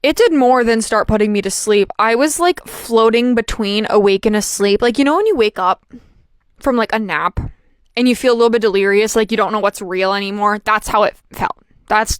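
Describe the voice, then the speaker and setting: A woman's voice: a little high, smooth, no echo, studio quality. Chatty young woman telling a story. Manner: chatty, animated, filler-heavy storytelling. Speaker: vlogger. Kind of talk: casual storytime chat.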